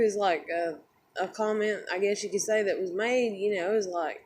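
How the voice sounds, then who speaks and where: A woman's voice: medium pitch, moderate pace, darkish tone, a little hiss or hum. A young woman who just woke up, tired and close to tears, rambling in an upset, swearing vlog rant full of fillers. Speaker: vlogger.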